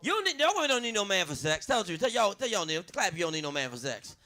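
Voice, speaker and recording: A man doing a loud stand-up set on a club stage, working the crowd and acting out voices. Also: high-pitched, very animated, very fast. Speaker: stand-up comedian. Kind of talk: stand-up routine.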